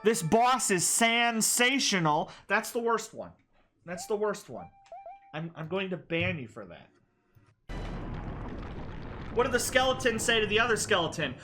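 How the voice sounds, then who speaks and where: Excitable woman streamer exclaiming over music. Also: mid-range voice, normal speed, long pauses. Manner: excitable, exclamatory, swears casually. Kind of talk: casual game stream commentary.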